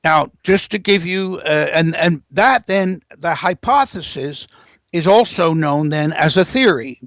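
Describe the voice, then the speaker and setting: A man's voice: fairly high pitch, expressive, unhurried, fairly bright tone, no echo. A man speaking as a guest expert in an interview, explaining at length in a lecturing way and pressing his points with rising emphasis.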